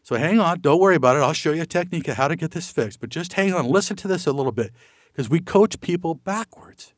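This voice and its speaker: A man's voice: on the high side, lively intonation, quick pace, dry recording, studio quality. A middle-aged man giving a motivational talk, folksy and full of rhetorical questions, acting out the voices in his stories. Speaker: motivational speaker.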